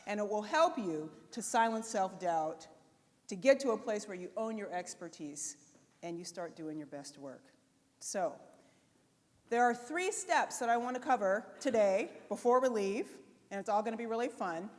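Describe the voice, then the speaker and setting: A woman giving a motivational conference talk, chatty and animated, speaking straight to the audience. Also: medium pitch, moderate pace. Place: conference stage before an audience. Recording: live talk in a reverberant hall.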